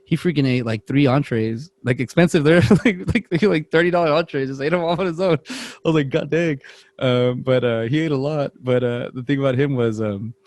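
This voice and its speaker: A man's voice: medium pitch, brisk, a little mellow, dry recording. A young man, co-host of a podcast, telling rambling stories in casual chat and acting out the voices of people he quotes. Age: young adult.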